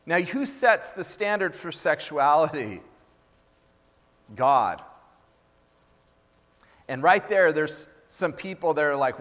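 A man's voice: fairly high pitch, expressive, slow, pauses often, fairly bright tone. A man pastor preaching a sermon, emphatic and repetitive, often acting out what others say. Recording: reverberant hall.

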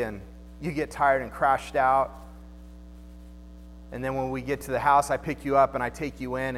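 A male pastor preaching in a loose, joking, conversational way, acting out the people he quotes. His voice sits high for a man. The sound rings with long reverb from a big church hall. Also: fairly bright tone. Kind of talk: sermon.

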